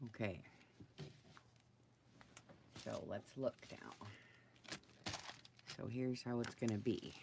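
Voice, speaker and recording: A woman's voice: extremely low pitch, takes it slowly, creaky, pauses often, background noise. A woman crafter talking casually through her project, muttering to herself and getting flustered. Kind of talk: casual crafting video talk.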